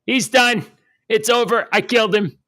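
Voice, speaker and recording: A brash, boastful older politician, as a man puts him on drags out short, blunt put-downs one by one. The voice is pushed well above the man's usual pitch. Each line lands slow and emphatic. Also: pushed and bright. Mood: gloating.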